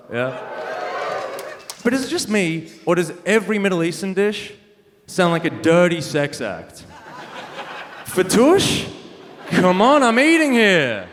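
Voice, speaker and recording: A man's voice: fairly high pitch, very animated, moderate pace, a bit bright. A young man doing a stand-up comedy set, punchy and wry, laughing at his own jokes on a club stage. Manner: punchy, wry, self-mocking delivery with frequent laughs. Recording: live venue reverb with faint noise.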